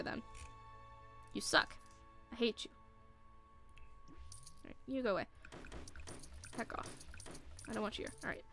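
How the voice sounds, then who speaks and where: A woman's voice: on the high side, unhurried, pauses often, bright, forceful tone, faint music behind. A woman streaming a building game, scolding the furniture in exasperation and laughing often between complaints. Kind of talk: live gameplay commentary.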